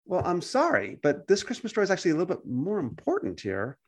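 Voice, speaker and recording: A man's voice: high-pitched, quick pace, breathy edge. A man who hosts a podcast and preaches, talking casually and acting out the voices of people he quotes. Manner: animated storytelling, acts out quoted voices. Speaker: podcast host and pastor. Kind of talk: casual conversation.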